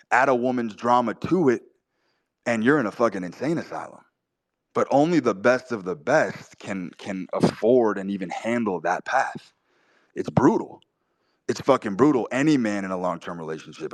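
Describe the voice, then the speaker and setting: A man's voice: fairly low pitch, no room sound. A man delivering a blunt, profane, opinionated monologue, hammering his points home by repeating them. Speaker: podcast host.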